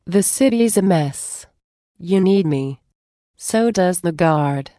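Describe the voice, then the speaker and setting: An earnest young woman guard speaks her mind, as a woman reads her. The voice sits low and slow in a close, dry recording. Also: expressive, warm tone, no room sound.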